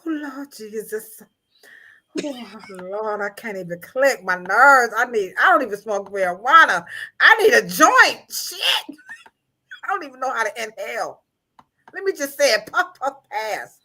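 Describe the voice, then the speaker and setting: Loud, animated woman livestream co-host. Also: on the high side, normal speed, slight background noise. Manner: loud, laughing, dramatic outbursts. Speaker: podcast co-host. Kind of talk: casual livestream chat.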